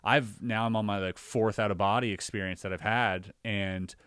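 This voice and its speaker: A man in a casual podcast conversation, telling a personal story in an animated way, acting out his own reactions with lots of filler words. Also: lowish voice, moderate pace, clear, resonant tone, dry recording, studio quality. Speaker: podcast guest or co-host.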